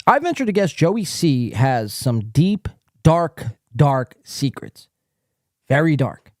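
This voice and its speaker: A man's voice: a little high, sing-song, slow pace, a little mellow, no room sound, studio quality. A male podcast host giving casual, profane, mocking commentary while reading out online posts. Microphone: desk mic, acting up.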